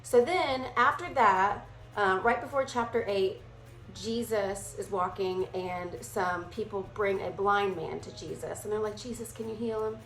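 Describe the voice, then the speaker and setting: A woman leading a casual Bible study, talking in a chatty, animated way and briefly acting out playful voices. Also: mid-range voice, unhurried, roomy sound, faint music behind, poor audio.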